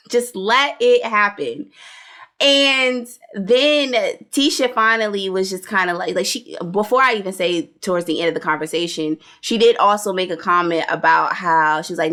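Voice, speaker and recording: Blunt, animated woman co-host. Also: mid-range voice, normal speed. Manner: blunt and animated, with lots of slang and cursing. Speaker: podcast co-host reviewing a reality show. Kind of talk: casual opinionated chat.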